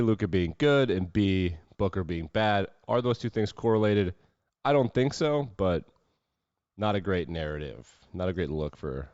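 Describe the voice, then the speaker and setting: A man's voice: low-pitched, darkish tone, no room sound, highs cut off. A man hosting a sports podcast alone, riffing casually and wryly on the latest games and reading out statements with mocking asides. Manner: loose, wry, riffing with mock quotes. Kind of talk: casual solo sports commentary.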